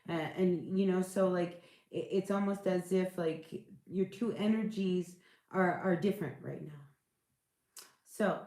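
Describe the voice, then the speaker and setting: A woman's voice: on the low side, a little mellow, roomy sound. A woman doing a casual tarot reading, rambling and searching for words, reassuring her listeners. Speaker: tarot reader.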